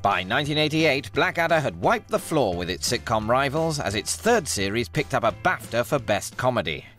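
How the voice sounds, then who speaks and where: A man's voice: medium pitch, big pitch swings, moderate pace, a bit bright, faint music behind. A man giving scripted, playful narration for a documentary.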